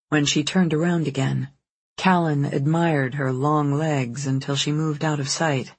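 Husky, dry-voiced audiobook narrator. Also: mid-range voice, steady tone, slow, no echo. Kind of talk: scripted narration.

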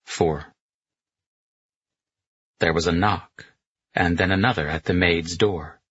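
Deep husky male audiobook narrator. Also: steady tone, slow pace, fairly bright tone, no echo, highs cut off.

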